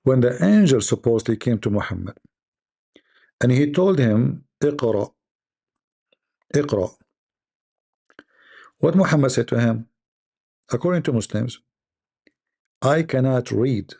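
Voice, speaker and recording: A man's voice: medium pitch, expressive, normal speed, gravelly, long pauses, dark tone, slightly rough. A man giving sarcastic reaction commentary in non-native English, with rambling asides.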